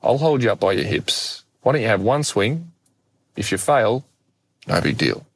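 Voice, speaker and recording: Man putting on his cheeky stubborn dad, calm, coaxing, deep voice. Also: quick pace, husky, full character voice.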